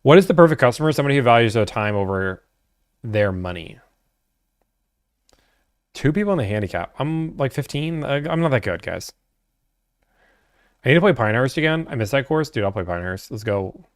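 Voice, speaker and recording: A man's voice: mid-range voice, lively intonation, brisk, long pauses, no room sound, studio quality. A young man hosting a casual livestream, reading viewer chat aloud and answering in a laid-back, chatty way.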